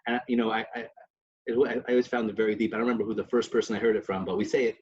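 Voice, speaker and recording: A man's voice: lowish voice, flat delivery, rapid-fire, a little mellow. A man co-hosting a podcast, telling stories in a casual religious discussion with many restarts and Yiddish terms. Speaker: podcast co-host. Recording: dull lo-fi recording.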